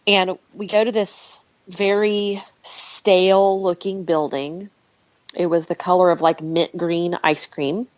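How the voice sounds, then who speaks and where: A woman with a lower-pitched voice tells a personal story as a podcast guest. She is animated and emotional and laughs often as she goes. The sound is dry and close, with a slightly dull, muffled tone. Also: takes it slowly, no echo.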